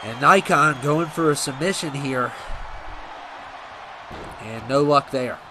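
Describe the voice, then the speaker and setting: A man's voice: a little high, slow pace, background noise. Laid-back man commentating a wrestling game. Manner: rambling, self-correcting, laid-back. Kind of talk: casual play-by-play commentary.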